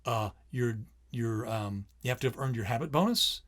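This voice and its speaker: A middle-aged man co-hosting a casual parenting podcast, talking animatedly and acting out his kids' lines in quick quoted bits. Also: mid-range voice, fairly bright tone. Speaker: podcast co-host.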